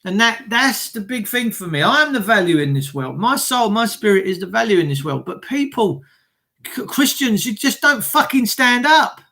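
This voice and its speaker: An Englishman with a high-pitched voice rants angrily on a live stream, swearing and stammering as he goes. He stumbles over his words and reads viewers' comments aloud between tirades. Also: very animated, normal speed, creaky, sharp tone. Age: adult with children. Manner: angry, profane, stammering rant. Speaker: livestreamer reading chat.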